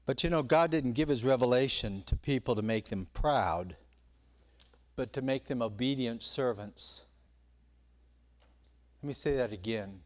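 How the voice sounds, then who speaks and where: A man's voice: medium pitch, measured pace, pauses often. A man preaching a sermon, telling a story with energy and acting out the quotes. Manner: animated storytelling, acts out quotes.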